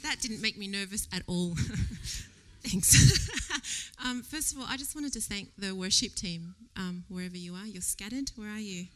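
A woman giving a casual church sermon. She tells a personal story in a chatty, animated way, laughs often and drops to a whisper for quoted thoughts. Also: mid-range voice, measured pace. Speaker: lay preacher. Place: church service before a congregation.

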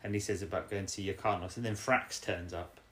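A young man casually recapping a story as podcast co-host, animated and bursting into character voices. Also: low-pitched, fast.

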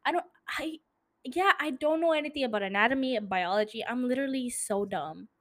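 A woman's voice: high voice, animated, brisk, fairly bright tone. A tipsy woman hosting a podcast in casual chat, speaking English as a second language and ranting profanely with lots of energy. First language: not English. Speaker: podcast host.

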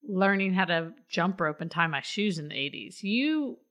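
A woman's voice: on the low side, lively intonation, normal speed, fairly bright tone. A woman co-hosting a casual chat, teasing her partner with dry banter.

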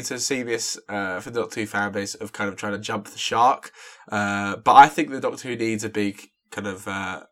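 Bright-voiced man chatting. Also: fairly low pitch. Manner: rambling storyteller, many "like" fillers. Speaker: podcast co-host. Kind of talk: casual chat.

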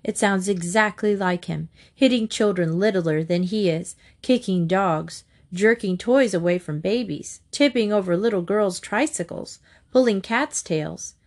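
A woman doing an outraged, shrill storybook mom; icy and accusing. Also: a little slow, darkish tone. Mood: indignant. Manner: shrieking, cold and accusing. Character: furious mother of a hurt boy, shrill and indignant.

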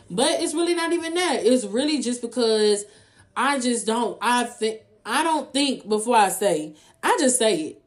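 Young woman, casual vlog chat, blunt and profane, higher voice. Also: animated, moderate pace. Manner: blunt, profane, repeats "you know what I'm saying". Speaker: vlogger. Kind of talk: casual free talk to viewers.

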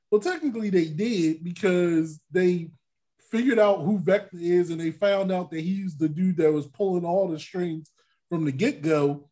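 A man hosting a casual podcast chat, animated, acting out his reactions with loud exclamations. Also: high voice, moderate pace. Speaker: podcast host.

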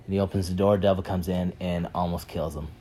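A man telling a parable in a casual, animated way, with many fillers and repeats. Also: low-pitched, fairly quick, a little hiss or hum. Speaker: speaker retelling a parable. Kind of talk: animated storytelling talk.

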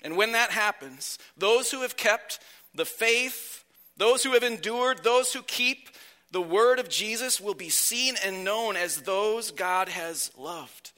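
Preacher, man, sick and slightly whiny, high bright voice, earnest and emphatic. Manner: earnest, emphatic preaching with slow drawn-out phrases. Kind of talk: sermon.

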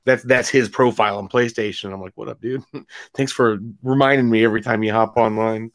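A man's voice: on the low side, steady tone, dry recording. A man in his late thirties co-hosting a podcast, telling stories eagerly in casual gamer talk. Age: late 30s. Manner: quick, eager storytelling with laughs and gamer slang. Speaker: podcast co-host. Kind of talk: casual chat.

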